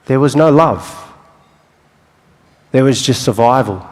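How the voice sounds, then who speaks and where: Male speaker, young adult, motivational talk, unhurried pauses, reverberant hall. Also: mid-range voice, lively intonation, a little mellow. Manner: dramatic storytelling with long pauses and playful asides. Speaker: speaker telling his life story. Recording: live hall with long reverb.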